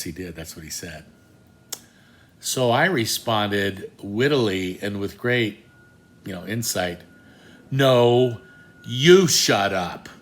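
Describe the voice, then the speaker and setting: Older man, lowish voice, relaxed storyteller, dry self-mocking humor, lots of ums and restarts. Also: slight background noise. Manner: wry, self-deprecating, many fillers and restarts. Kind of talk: casual anecdote.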